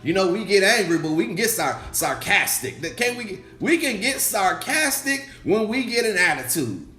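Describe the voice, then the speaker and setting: A man preaching a sermon as pastor, animated, repeating his questions and acting out the voices of his listeners. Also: high voice, normal speed. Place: church sanctuary. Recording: echoey church room with music.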